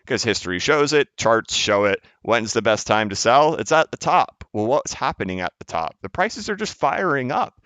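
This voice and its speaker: A man's voice: medium pitch, sing-song, moderate pace, few pauses, fairly bright tone, dry recording. A man hosting his channel, talking emphatically in a casual market commentary monologue with chuckling asides. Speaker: channel host.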